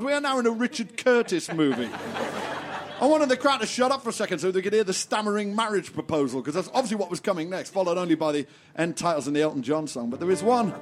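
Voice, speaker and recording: A man performing a wry stand-up comedy monologue. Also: high voice. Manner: wry, animated. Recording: guitar playing behind. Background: guitar music.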